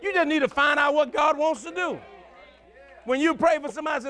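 A man's voice: very high-pitched, brisk, sharp tone. A male pastor, preaching a sermon in a folksy call-and-response style and telling stories from his own life.

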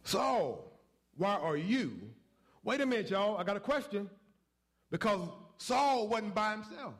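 A man's voice: high voice, very animated, measured pace. A man preaching a sermon, emphatic and folksy, calling out to the congregation and pushing for responses.

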